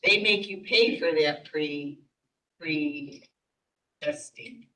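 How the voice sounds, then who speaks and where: Chair running the council agenda, bright voice, short and procedural, mic far away. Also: medium pitch, takes it slowly. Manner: procedural, brief. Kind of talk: chairing a public meeting. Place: council meeting room. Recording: distant mic.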